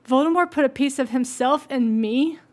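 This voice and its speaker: Earnest anxious schoolboy wizard, read by a woman, high bright voice, storybook reading. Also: moderate pace, natural voice. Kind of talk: audiobook-style reading aloud.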